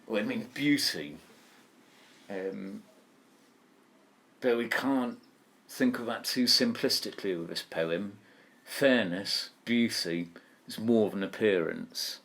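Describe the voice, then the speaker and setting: A man's voice: on the low side, slow pace, creaky, a bit bright. A man teaching an online poetry lesson, thinking aloud and asking his students questions. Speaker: English teacher.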